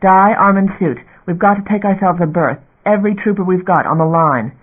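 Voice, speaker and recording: A man's voice: high voice, fairly quick, breathy edge. A male narrator voicing a stern woman fleet captain who gives clipped, threatening commands. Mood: rallying. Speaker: warship captain. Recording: narrow phone-like audio.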